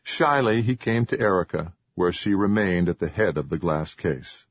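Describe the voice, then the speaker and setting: A man narrates a horror novel in a low, husky voice and a measured rhythm. The recording is dry and a bit dull, like a home setup. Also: dry recording. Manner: measured, even storytelling. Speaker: audiobook narrator. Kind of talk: scripted narration.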